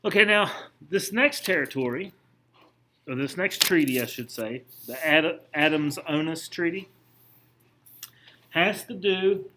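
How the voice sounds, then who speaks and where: A man lectures a history class in a fairly high voice. He talks conversationally, stopping often to quiz the students. He restarts his sentences as he goes. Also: sharp tone. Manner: conversational, asks the class questions, frequent restarts. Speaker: history teacher.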